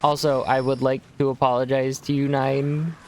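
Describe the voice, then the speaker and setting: A gaming streamer from Texas chats casually and ramblingly while playing, now and then breaking into silly voices. His mid-range voice is flat at a normal speed, and the stream audio is noisy.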